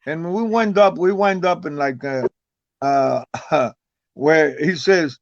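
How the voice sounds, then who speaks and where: A man's voice: on the high side, takes it slowly, dry recording. An older man, a guest on an interview, telling a long story in a rambling way, often stumbling and repeating words. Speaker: guest, retired wrestler. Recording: dull, lo-fi, dry sound.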